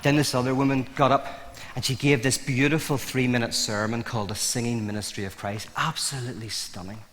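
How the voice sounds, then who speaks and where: A man in an interview spins anecdotes with lively energy, stumbling and restarting as he goes. His voice sits at an ordinary middle pitch. A long hall reverb trails after every phrase. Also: brisk. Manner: animated, many restarts, laughs at own points. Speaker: interview guest. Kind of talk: conversational storytelling.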